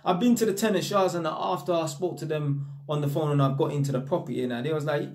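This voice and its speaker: A young man with a London accent talks to camera in a loose, slangy monologue. His voice sits a bit high for a man, and he tells his stories with real energy. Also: fast talker. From North London. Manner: slangy street talk, animated storytelling. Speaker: vlogger.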